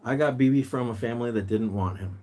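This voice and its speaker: Talking fast with a dark tone, a man hosting a pet rescue livestream chats and reads out comments from viewers. Sometimes he jumps into a high, sing-song voice to coax his bird.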